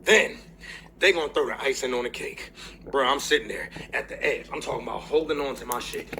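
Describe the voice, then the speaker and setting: A young man giving a casual movie review on his channel, telling it in an excitable, profane way with lots of laughing, and tearful as he fights back crying. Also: medium pitch, brisk, a little hiss or hum.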